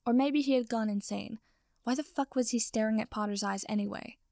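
A woman reading fan fiction aloud in steady, even narration. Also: a little high, fairly quick, vocal fry, dry recording, clean studio sound. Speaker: reader.

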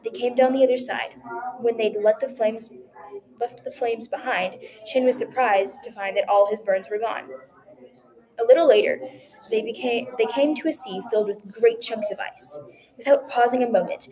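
A woman tells a folktale in a gentle, expressive storytelling voice. Her pitch sits fairly high, and steady crowd chatter carries along behind her. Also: poor audio. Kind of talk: folktale reading.

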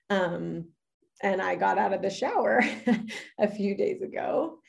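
A woman's voice: mid-range voice, gravelly, darkish tone. A woman coach sharing in a casual, heartfelt way, earnest and gushing, full of "like" fillers. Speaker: fitness coach. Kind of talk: casual heartfelt sharing in a live group session.

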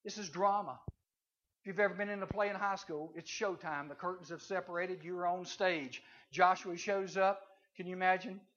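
Guy preaching to kids, folksy and animated, highish bright voice, slightly muffled. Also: normal speed. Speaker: chapel speaker. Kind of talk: storytelling sermon to teens. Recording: slightly dull, faint hiss.

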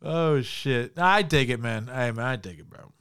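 A man's voice: mid-range voice, normal speed, a bit bright, smooth, dry recording, clean studio sound. A man hosting a casual music podcast, swearing, laughing and defending a band with enthusiasm. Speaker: podcast host picking the songs. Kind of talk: casual music-review banter.

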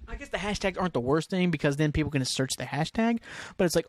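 A man's voice: a little high, expressive, quick pace, dry recording. A man hosting a casual podcast, ranting in a frustrated, profane, rambling way. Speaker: podcast host. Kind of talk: casual solo podcast rant.

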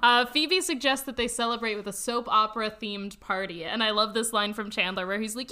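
Young woman cohost, jokey and giggly, really high bright voice. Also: fairly quick, few pauses. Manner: playful, jokey, does mock voices and laughs. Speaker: podcast co-host. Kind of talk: casual chat recapping a sitcom.

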